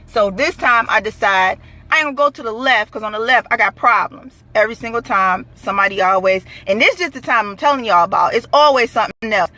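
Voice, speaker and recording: A woman telling a true story in a blunt, animated, profane way, full of fillers. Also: fairly high pitch. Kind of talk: casual storytelling to camera.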